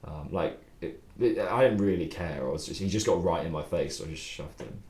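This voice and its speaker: A young male songwriter chats loosely on a livestream about his writing process, rambling, swearing and laughing often. His voice is deep, a little mellow and fairly quick, in an echoey room.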